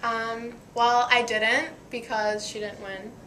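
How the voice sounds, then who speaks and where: A young woman, a college midfielder, answers interview questions with deadpan jokes and some laughter. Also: fairly high pitch, slow, slight background noise. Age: young adult.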